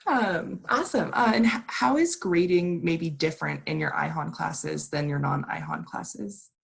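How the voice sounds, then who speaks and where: Gravelly, husky woman moderating a webinar. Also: low voice. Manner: upbeat, quick to laugh. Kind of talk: moderating a panel Q&A. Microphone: video call.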